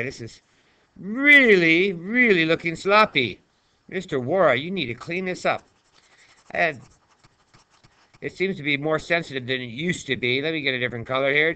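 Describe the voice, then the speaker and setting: A man's voice: medium pitch, bright, forceful tone, smooth. A male math teacher talking through a screen-recorded lesson in a chatty, playful way, chatting to himself as he writes.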